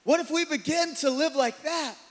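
A man preaching a sermon as pastor, swinging from loud, driven passages to hushed ones. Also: extremely high pitch, moderate pace. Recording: long hall reverb.

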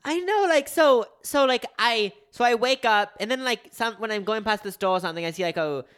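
A man's voice: high voice, expressive, brisk, a bit bright, smooth. A man co-hosting a podcast in casual chat, adding to his co-host's story and laughing along. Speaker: podcast co-host.

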